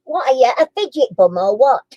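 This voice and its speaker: A woman's voice: high voice, very animated, fairly quick, mellow, no echo, highs cut off. A chatty woman, hosting a casual live chat and quiz stream, giggling and cooing to her dog between guesses.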